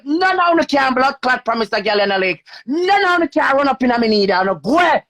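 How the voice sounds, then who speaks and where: A man with a Jamaican accent in a defiant, cursing vlog rant, often shouting. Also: very high voice, big pitch swings, fast, hardly any pauses. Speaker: vlogger. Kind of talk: heated live rant.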